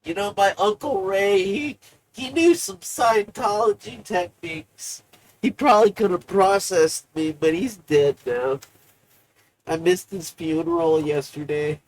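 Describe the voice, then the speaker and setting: A live-streamer in a rambling, profane, emotional monologue, swinging between low mutters and loud outbursts. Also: a little slow. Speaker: livestreamer.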